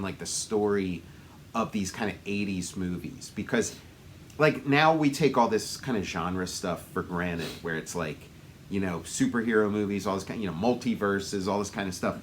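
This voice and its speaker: A man's voice: on the low side, very animated, moderate pace, a little hiss or hum. A man co-hosting a podcast, chatting casually about movies in a musing way that trails off into restarts. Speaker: podcast co-host.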